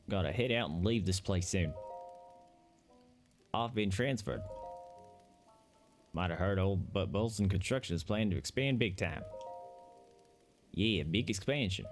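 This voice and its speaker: A man's voice: low voice, lively intonation, measured pace, long pauses, faint music behind. A man voicing a laid-back young male construction worker with a put-on Australian accent that drifts southern, drawling and easygoing.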